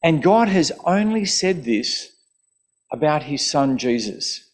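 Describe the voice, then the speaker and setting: A man preaching a sermon, slow and deliberate, who reads out quoted verses with emphasis. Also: a little high, very animated.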